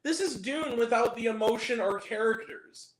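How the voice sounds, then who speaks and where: A man's voice: extremely high pitch, normal speed, roomy sound. A man giving a blunt, exasperated, profane movie review as host of his own channel.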